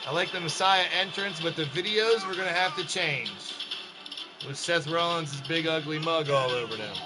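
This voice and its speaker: A man doing loose, chatty commentary over a wrestling video game on a live stream, giving shout-outs to his chat. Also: fairly high pitch, moderate pace, over loud music. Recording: noisy game stream with background noise.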